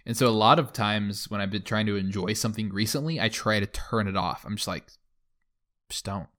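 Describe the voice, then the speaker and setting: A man's voice: fairly low pitch, fast, a bit bright. A young man hosting a podcast in casual chat, rambling with many fillers. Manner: rambling, lots of fillers like "like" and "you know". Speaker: podcast host.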